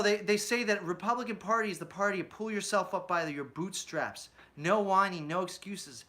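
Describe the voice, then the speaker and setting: Channel host, male, bright tense tone, ranty political commentary full of rhetorical questions. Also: sits high. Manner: ranting, asks rhetorical questions, often adds "right?"; mocks opponents with put-on quotes.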